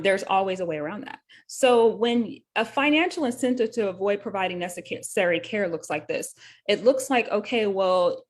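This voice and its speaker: A woman hosting a live talk show as a nurse, explaining a bill in an earnest, conversational way with many fillers and self-corrections. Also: medium pitch. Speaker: host and nurse.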